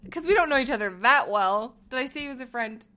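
Woman on a podcast telling a story, bright lively voice, acts out the quotes, laughs a lot. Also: high voice, fast talker. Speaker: podcast co-host. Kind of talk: casual storytelling chat.

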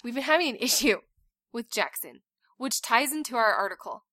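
A woman in her thirties, a mother and podcast co-host, telling a family story in a casual, animated way with lots of laughter. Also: fairly high pitch, fairly quick, no room sound. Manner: animated, laughing, acts out shouted quotes.

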